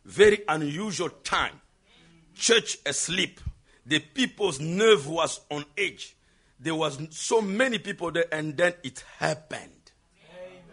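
A preacher from South Africa delivers a sermon in a high, very lively voice. His pace is slow and deliberate, with a bright but husky tone that rises to shouting. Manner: call-and-response preaching, building to shouts.

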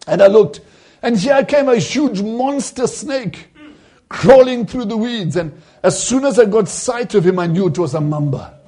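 A man's voice: high voice, lively intonation, a little slow, warm tone. A man preaching a sermon, retelling a vision and acting out the voices in it with rising emphasis.

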